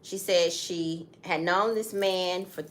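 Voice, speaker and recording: A woman's voice: fairly low pitch, fairly even intonation, slow pace, slight background noise. A middle-aged woman in casual conversation who tells the story with feeling and keeps turning aside to speak straight to her listeners. She talks as a co-host chatting with her partner. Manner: emphatic storytelling with direct asides. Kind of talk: casual chat.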